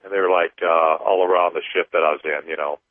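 Man, lowish voice, hesitant talk host, tinny phone-line sound. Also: fairly even intonation, no room sound. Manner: halting, many fillers and restarts. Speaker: radio show co-host. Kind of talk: casual paranormal talk and guided counting session.

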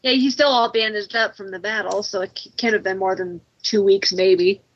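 A woman co-hosting a casual podcast chat, quickly correcting and teasing, on a dull, muffled mic. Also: medium pitch, steady tone, dry recording.

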